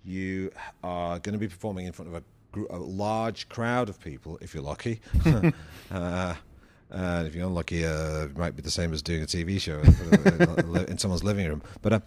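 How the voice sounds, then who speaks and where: Low-voiced, halting male comedian. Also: expressive, darkish tone. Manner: halting, thoughtful, many restarts and repeated words. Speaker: comedian interviewed as a guest. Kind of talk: interview answers.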